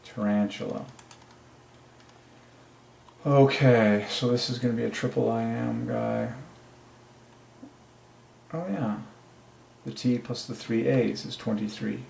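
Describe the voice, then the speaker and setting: A man's voice: medium pitch, fairly even intonation, takes it slowly, vocal fry, pauses often, darkish tone, a little hiss or hum. A man alone at his desk, working through letter counts and muttering to himself as he goes. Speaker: channel host. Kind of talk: solo religious word-number study. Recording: echoey room.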